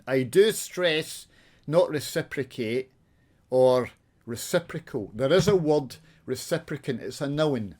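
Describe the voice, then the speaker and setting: A Scottish man talking off the cuff to his viewers, with a voice of middling pitch. He rants and swears in broad dialect, dropping to mutters while he works through a game. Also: lively intonation, measured pace. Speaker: YouTuber. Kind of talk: casual gaming chat with swearing.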